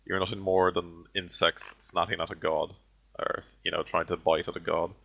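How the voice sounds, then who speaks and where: Man playing a condescending ancient sorcerer villain: very low, bright-edged, grandiose, muffled lo-fi sound. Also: little pitch movement, vocal fry, heavily acted. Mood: menacing. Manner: slow, grandiose villain speeches. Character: callous ancient male heretic sorcerer, condescending. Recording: dull lo-fi audio.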